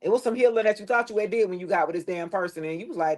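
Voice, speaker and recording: A woman's voice: fast, darkish tone. Blunt, preachy woman reading tarot. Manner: preachy, blunt and profane, with loose slangy phrasing; drops into a lower tone at times. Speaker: tarot reader. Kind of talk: casual tarot reading to the camera.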